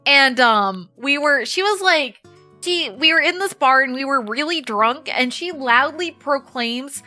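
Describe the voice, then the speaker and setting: With faint game music behind her, a woman talks to her stream's viewers at a normal speed, her voice high and bright. She's chatty and animated as she tells stories, swearing freely while playing.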